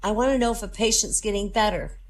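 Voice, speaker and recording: A woman's voice: medium pitch, fast, a little hiss or hum, voice pushed up, close to an everyday voice. A woman voicing a fussy older woman on the phone who gushes effusively. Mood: gushing. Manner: effusive, calls people darling.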